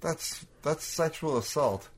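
A man's voice: on the high side, animated, slow pace. Goofy joking man co-host. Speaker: podcast co-host. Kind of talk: casual chat.

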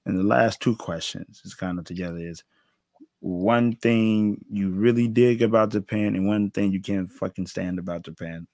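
A man hosting an interview podcast, talking in a relaxed, slangy way with hesitant fillers. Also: lowish voice, moderate pace, no room sound, studio quality. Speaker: podcast host. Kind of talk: casual interview chat.

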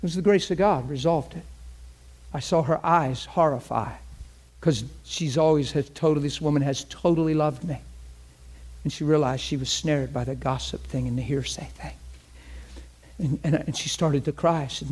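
A man preaching a sermon with impassioned delivery, moving between loud bursts and hushed lines. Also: a little high, normal speed, husky. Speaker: pastor.

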